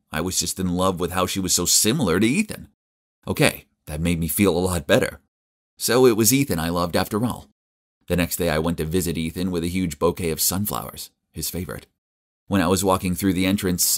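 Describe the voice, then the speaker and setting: A man narrating a dramatic first-person story in a conversational way. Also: sits low.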